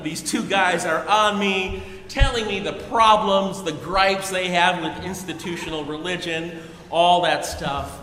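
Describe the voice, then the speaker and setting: A man, an Episcopal priest, preaching a sermon and telling a story in a lively, storytelling way with chuckles, in a large church. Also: high voice, a little slow, slight background noise. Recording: echoey hall with long reverb.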